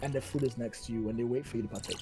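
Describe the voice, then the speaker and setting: A man's voice: medium pitch, fairly even intonation, very fast, mellow, soft background music. A man running a tabletop game, chatty and self-mocking. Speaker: game master.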